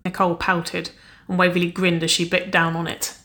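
A woman narrating a story aloud in a steady, even storytelling manner. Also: lowish voice, a little fast. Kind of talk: audiobook reading of fan fiction.

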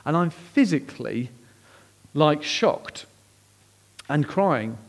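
A man preaching a sermon, telling a personal story with lively swings between hushed, slow moments and excited outbursts. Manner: animated, acts out quoted voices with big pitch jumps; drops to hushed, slow tones at emotional moments. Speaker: pastor.

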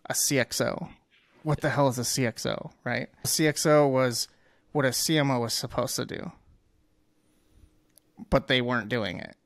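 A man with a gravelly, fry-edged voice speaks as a podcast guest. He talks candidly and emphatically, with blunt asides. The sound is dry and close. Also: mid-range voice, moderate pace, pauses often, no echo. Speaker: guest marketing executive. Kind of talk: casual podcast interview.

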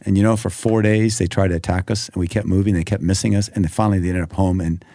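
Low-voiced man telling an intense story. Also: steady tone, fast, warm tone, no room sound, clean studio sound. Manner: vivid, emphatic storytelling with quoted prayers. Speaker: guest. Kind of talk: storytelling interview.

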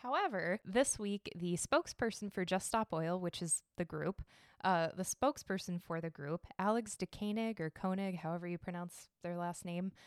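Recorded dry and clean at studio quality, this fairly low-pitched female voice belongs to a young podcast host. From her home, decked out for the holidays, she chats casually about art and history, swearing freely and laughing at herself.

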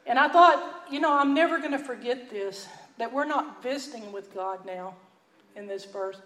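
A woman with a Texan accent, teaching a sermon in a folksy, earnest storytelling way that drops to a hush for emphasis. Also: fairly high pitch, normal speed, reverberant, poor audio. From Texas. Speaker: Bible teacher.

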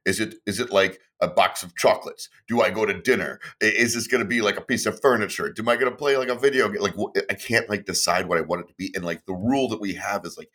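A man co-hosting a casual podcast, telling stories in a rambling, animated way with lots of fillers and laughs. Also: lowish voice, fast, few pauses. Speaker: podcast co-host.

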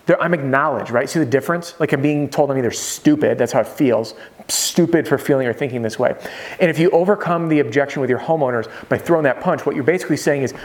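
Energetic man coaching sales reps. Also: mid-range voice, fast talker. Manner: energetic, conversational, peppered with "right?" check-ins. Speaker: roofing sales trainer. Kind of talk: motivational sales coaching monologue.

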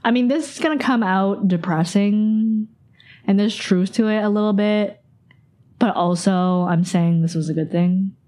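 A young woman in her twenties hosts a podcast, recalling something personal in a casual, rambling way packed with "like." Her voice is mid-range and mellow, and she speaks at a measured pace.

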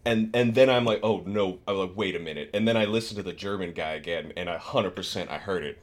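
A man co-hosting a podcast in casual chat, animated and laughing often as he tells stories. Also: low voice, quick pace. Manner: animated, laughs often, storytelling with bursts of excitement. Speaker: podcast co-host.

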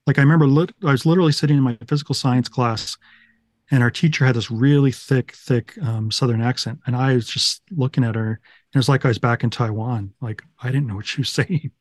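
A man's voice: mid-range voice, steady tone, a little fast, no echo. A middle-aged man from Utah, a podcast guest, telling his life story in a rambling, self-deprecating, casual way. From Utah, USA. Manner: rambling, self-deprecating, fond of 1980s references.

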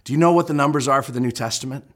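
A man's voice: mid-range voice, very fast. A middle-aged man preaching a sermon, explaining step by step and leaning hard into his key points. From United States. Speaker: pastor.

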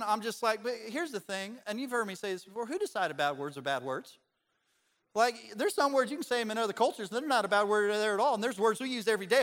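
A man preaches in a bright, fairly high voice, chatty and animated, with jokes mixed into the sermon. When he comes to the main point, he settles into a quieter, measured tone. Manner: conversational, animated preaching with humor. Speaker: pastor.

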